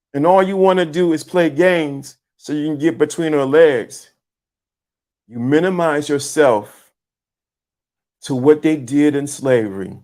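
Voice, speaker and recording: Preachy man on a livestream, high voice. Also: a little mellow. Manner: preachy, repeats himself, spells words out. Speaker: livestream host. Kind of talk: motivational livestream talk.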